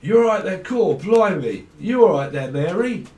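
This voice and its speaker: A man doing a cheery Cockney bloke calling out a greeting, raised high above his normal voice and loud. The voice is sing-song and the room around it is echoey, with the mic some way off. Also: very animated, normal speed, far from the mic. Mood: chirpy. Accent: put-on Cockney. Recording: roomy room, mic set back.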